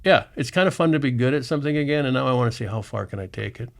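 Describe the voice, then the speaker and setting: A middle-aged man from Minnesota talks as a podcast guest in a gravelly voice with a mid-range pitch. He tells his stories with energy and slips into the voices of the people he quotes. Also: very fast. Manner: animated storyteller acting out quoted people. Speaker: guest, real estate agent. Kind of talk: casual interview storytelling.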